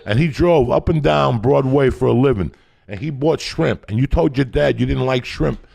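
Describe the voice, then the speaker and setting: A middle-aged man from New Jersey with a gravelly voice, telling a profane, animated story in casual chat and acting out the voices. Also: medium pitch, moderate pace. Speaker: podcast host.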